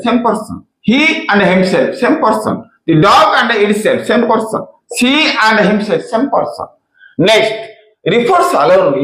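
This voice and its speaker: Slow, lively-voiced teacher. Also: male voice, high voice. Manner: repeats key phrases, asks and answers own questions. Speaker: English grammar teacher. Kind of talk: slow explanatory lesson. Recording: echoey room.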